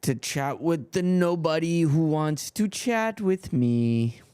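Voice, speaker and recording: A man's voice: fairly high pitch, lively intonation, takes it slowly, darkish tone, smooth, no room sound. A man streaming, casually muttering to himself as he fiddles with his stream settings. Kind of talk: casual livestream chatter.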